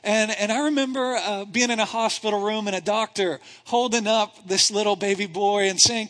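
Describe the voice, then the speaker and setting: Pastor, male, high-pitched voice, animated conversational sermon delivery, lots of "right?", in a church with long reverb. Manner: animated, conversational preaching with rhetorical questions. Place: church sanctuary. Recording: reverberant hall.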